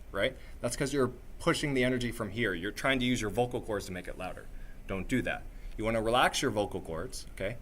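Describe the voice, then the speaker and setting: A man runs a live workshop in a middle-pitched voice, drawing on his singing background to coach the room. He is energetic and coaxing, and he keeps checking in with short "right?" and "okay?" prompts. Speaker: workshop presenter.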